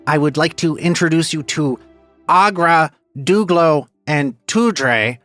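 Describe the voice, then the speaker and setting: A man's voice: fairly high pitch, slow, fairly bright tone, no echo, faint music behind, pitched above the performer's own voice. A man voicing a polite, earnest kobold baker who speaks formally and hesitantly.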